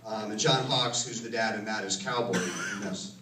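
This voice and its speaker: A man's voice: on the low side, moderate pace. A man answering audience questions after a screening, telling rambling stories and often correcting himself mid-sentence. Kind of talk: casual Q and A storytelling. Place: cinema auditorium. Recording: roomy, distant from the mic, faint noise.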